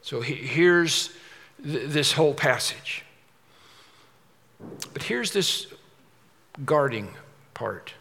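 A male pastor preaches in a church sanctuary. His voice is bright, forceful and slightly high, and he drives his point home by repeating key words. A long hall reverb trails after every phrase. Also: lively intonation, extremely slow, creaky, pauses often. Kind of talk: expository sermon.

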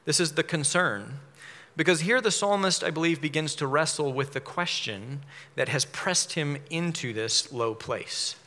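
A man preaching a measured sermon, explaining a psalm verse by verse. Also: fairly high pitch, pushed and bright. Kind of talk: expository sermon. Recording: long hall reverb.

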